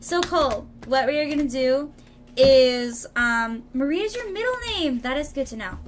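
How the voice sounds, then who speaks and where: A woman's voice: high-pitched, animated, moderate pace, soft background music. A young woman live-streaming tarot readings, rambling casually to her viewers with lots of fillers. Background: lawn mower noise outside.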